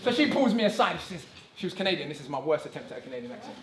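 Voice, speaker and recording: A man giving an animated, conversational public talk at a conference, often checking in with the audience with "right?". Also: fairly high pitch, rapid-fire, a crowd in the background. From England. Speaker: conference speaker. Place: conference hall. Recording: echoey hall.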